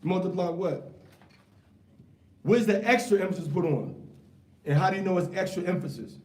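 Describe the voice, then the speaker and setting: A man's voice: sits high, expressive, moderate pace, darkish tone. A man teaching a casual scripture class. He fires rhetorical questions at his students in a loose, slangy way. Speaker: Bible teacher. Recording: echoey room, mic far off.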